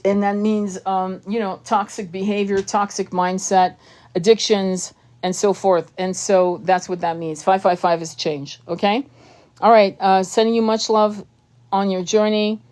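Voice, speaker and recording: A woman tarot reader and spiritual channeler giving a heated, profane live-stream monologue full of rapid asides. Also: mid-range voice, steady tone, a little mellow.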